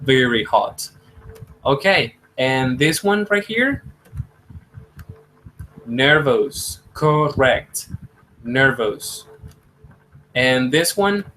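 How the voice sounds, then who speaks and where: Slow-drilling teacher, man. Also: medium pitch, expressive, sharp tone, rough recording. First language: Spanish. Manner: drawn-out repeated words, switching to quick Spanish asides. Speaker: English teacher. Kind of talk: slow classroom pronunciation drill.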